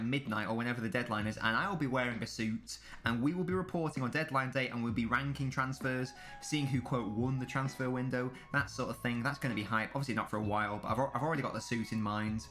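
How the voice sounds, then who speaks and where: A man's voice: medium pitch, a bit bright. A young man streaming a live football watchalong, chatting casually with his viewers and swearing freely. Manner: casual banter with chat, swearing. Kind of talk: live match watchalong commentary.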